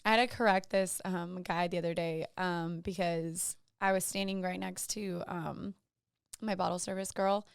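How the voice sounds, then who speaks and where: A woman co-hosting a casual podcast, telling bar stories in an animated way and acting out the quoted lines. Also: lowish voice, normal speed, vocal fry, clean tone, dry recording, clean studio sound. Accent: Texan. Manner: animated storyteller, acts out quoted exchanges. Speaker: podcast co-host. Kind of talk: casual chat.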